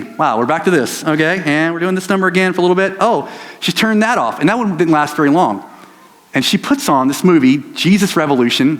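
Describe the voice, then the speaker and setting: A man's voice: on the high side, a bit bright. A middle-aged man preaching a sermon as pastor, telling a story in a rambling, self-interrupting way full of fillers. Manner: rambling, self-interrupting, lots of "like" and "you know". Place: church sanctuary. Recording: long hall reverb.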